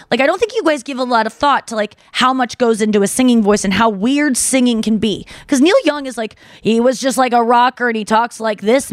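A woman hosting a podcast in casual chat, talking fast and loose, full of "like", and slipping into singer impressions. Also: on the high side, no room sound, clean studio sound. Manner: chatty, slips into quick singer impressions. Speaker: podcast host.

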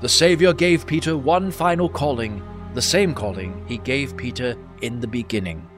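A man narrating a Bible story in a measured, earnest way. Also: medium pitch. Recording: narration over music.

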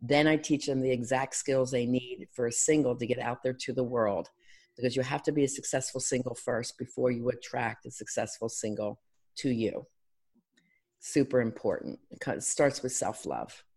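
A middle-aged woman from Philadelphia, a life and love coach, speaking as a podcast guest in an energetic, teacherly way. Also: a bass voice, normal speed, husky. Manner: energetic, teacherly, acts out clients' voices.

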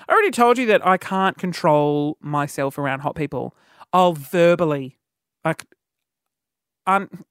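A man tells a comedic story in a rambling, animated way, full of fillers and asides. He records in a studio, and the sound is close and dry with no room echo. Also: high voice, smooth. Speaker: podcast host. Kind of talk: comedic monologue.

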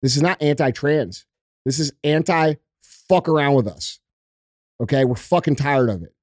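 A man with a somewhat high voice rants hard and swears constantly as a podcast co-host. The sound is dry and close, with no room around it. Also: moderate pace, darkish tone, no room sound. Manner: profane, emphatic ranting. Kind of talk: heated casual talk.

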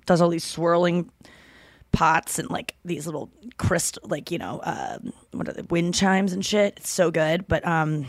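A woman's voice: fairly low pitch, no echo, clean studio sound. A woman hosting a podcast in casual chat, rambling and chatty, swearing freely. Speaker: podcast host.

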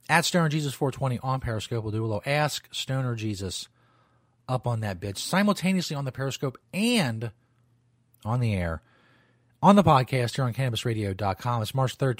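A man's voice: mid-range voice, dry recording. A male radio host talks in a loose, rambling way and swears without a second thought. His voice sits in an ordinary middle range. The sound is dry and close, with no room around it. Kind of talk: casual talk radio monologue.

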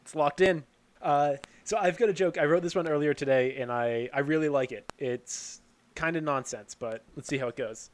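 A man's voice: a little high, normal speed. A man on a casual podcast, self-deprecating as he sets up a joke he wrote. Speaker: podcast guest. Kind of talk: casual comedic chat.

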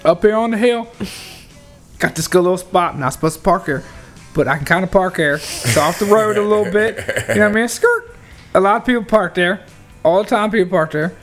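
A man's voice: high-pitched, a bit bright. A man telling a long, rambling, profane story in casual podcast chat. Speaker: podcast co-host.

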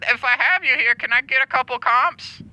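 A man's voice: very high-pitched, brisk, noisy background. A man voicing a goofy, eager male fan caller who claims to be Australian, stammering and rambling. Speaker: caller in a comedy bit.

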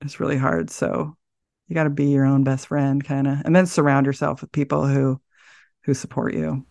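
A middle-aged woman speaking as a podcast guest, thoughtful and soft-spoken, often pausing to search for words. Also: rumbling low, flat delivery, creaky, no echo, clean studio sound. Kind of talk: reflective interview talk.

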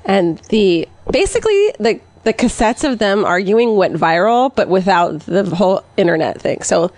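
A woman's voice: mid-range voice, normal speed, no room sound. Giggly woman with a lisp. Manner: giggly, excitable, swears freely. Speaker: podcast co-host. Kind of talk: casual chat.

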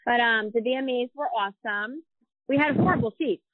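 A woman's voice: on the high side, fairly quick, dry recording, phone-quality sound. A woman in her thirties co-hosting a podcast, chatting casually and swearing as she tells gossip stories. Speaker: podcast co-host.

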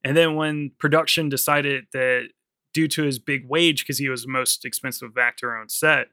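A man's voice: mid-range voice, steady tone, moderate pace, pushed and bright, clean tone, no room sound, studio quality. A man co-hosting a film podcast, telling behind-the-scenes trivia in casual, swearing chat. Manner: swearing, laughs often, tells production trivia. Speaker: podcast co-host.

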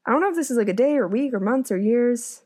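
A woman's voice: fairly high pitch, animated, fast talker, darkish tone. A woman reading a fairy tale aloud and stopping often to muse about the story in chatty asides. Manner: chatty, musing asides between passages. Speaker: audiobook reader.

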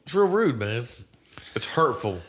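A man in casual, profane chat with a friend, joking around and slipping into quick impressions. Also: medium pitch, sing-song, a bit bright.

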